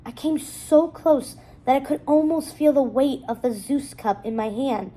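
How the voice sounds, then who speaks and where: A wisecracking young man who once raced and now coaches his little brother, sounding a bit higher and mellower than most men, as a woman reader puts him on. He mixes corny jokes with a coach's pep-talk push. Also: measured pace, mellow, poor audio. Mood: wistful. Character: cocky young adult male ex-racer brother, joking.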